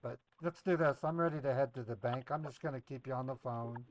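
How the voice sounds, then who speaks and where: On a low-quality recording with a bit of hiss or hum, a man speaks a little fast in a mid-range voice. As the host of a scambaiting livestream, he keeps up playful, casual chatter with his audience and fakes eager enthusiasm while stringing along a phone scammer.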